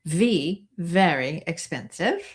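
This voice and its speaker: A woman's voice: fairly low pitch, takes it slowly. Chatty Gen X woman co-host. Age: 50s. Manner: chatty, animated, laughs often. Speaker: realtor podcast co-host. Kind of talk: casual chat.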